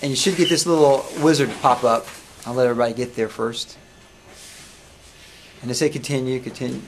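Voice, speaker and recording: A man demonstrates music notation software to a room of students, talking loosely and stopping to ask them questions. His voice sits at an ordinary middle pitch, with a faint hiss of noise behind it. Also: steady tone. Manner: casual, halting, asks students questions. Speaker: music teacher. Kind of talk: live classroom software demo.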